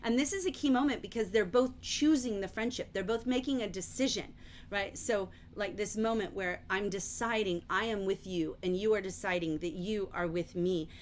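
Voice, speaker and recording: A middle-aged woman teaching a livestreamed literature lesson, chatty and explanatory, often filling pauses with "um" and "like". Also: medium pitch, slight background noise. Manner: chatty, explanatory, frequent fillers like "um" and "like". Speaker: teacher leading a novel study.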